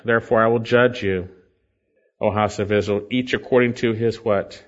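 A man's voice: lowish voice, fairly even intonation, normal speed. A man preaching a sermon, reading scripture aloud and pleading earnestly with his listeners. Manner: earnest, emphatic, rising and falling with scripture readings. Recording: slightly dull lo-fi recording.

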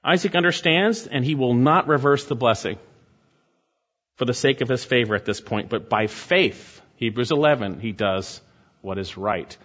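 A man's voice: mid-range voice, moderate pace, fairly bright tone, lo-fi sound. A male pastor preaching a sermon, reading scripture and building to emphatic exhortations.

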